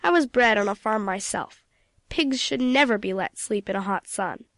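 A woman's voice: medium pitch, normal speed, fairly bright tone, dry recording, studio quality, close to an everyday voice. A woman voicing a blunt, grumbling male ship's mate in a storybook reading.

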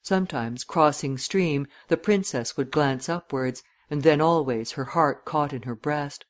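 A man narrating a literary audiobook in a measured, descriptive reading. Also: fairly high pitch.

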